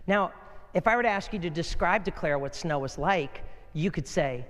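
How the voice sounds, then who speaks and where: A pastor preaches in a high, bright-toned voice, climbing even higher as his stories get going. He is an animated storyteller, and his words ring out with a long reverb through a church hall. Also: moderate pace. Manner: animated storytelling, rises high when excited. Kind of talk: sermon.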